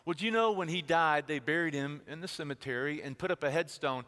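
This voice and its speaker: A man preaching a sermon as pastor, swinging between soaring lines and hushed, dramatic pauses. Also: a little high, big-room sound.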